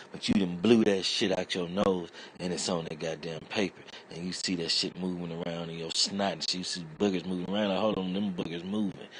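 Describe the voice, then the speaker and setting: An internet comedian with a very deep voice rambles through a comedic rant full of swearing, drifting between points with a casual, streetwise air. A faint hum sits beneath his speech.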